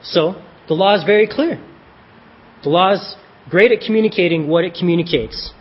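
Preacher guy, chatty sermon, kinda husky voice, muffled lo-fi audio. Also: high-pitched, moderate pace. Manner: conversational, self-deprecating, with joking asides.

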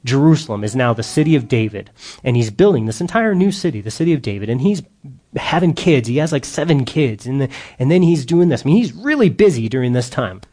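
A man giving an informal sermon to a group, telling a Bible story in a lively, slangy, casual way. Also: mid-range voice, quick pace.

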